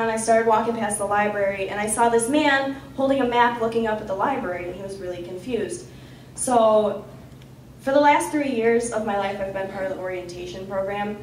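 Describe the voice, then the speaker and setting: A young woman with a fairly high voice tells a personal story at a campus storytelling night. She talks in an animated, chatty way, with lots of "like." The sound is roomy and echoey, as if she is well back from the mic. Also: a little hiss or hum. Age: young adult. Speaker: student storyteller. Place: campus lounge storytelling event. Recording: echoey room, voice from far off.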